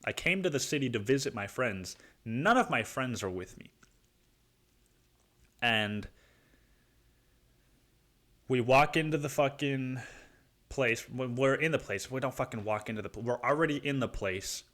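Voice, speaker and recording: A man's voice: medium pitch, expressive, a little slow, pauses often, fairly bright tone. A man hosts his own podcast and tells a comic story. He rambles, corrects himself mid-sentence and swears freely. He says "dude" in nearly every line. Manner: rambling, profane, keeps saying dude. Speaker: podcast host. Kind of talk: comedic storytelling.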